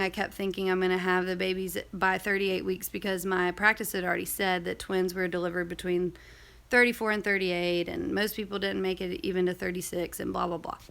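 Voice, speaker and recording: Chatty woman with a gravelly edge. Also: mid-range voice, a bit bright. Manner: chatty, rambling, many fillers and asides. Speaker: vlogger. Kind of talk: casual storytelling vlog.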